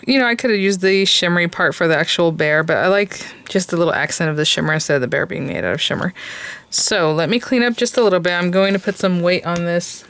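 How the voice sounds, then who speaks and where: Chatty woman crafting out loud. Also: lowish voice. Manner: chatty, thinks aloud while working, gushes over cute details. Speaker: crafting channel host. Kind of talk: casual crafting tutorial.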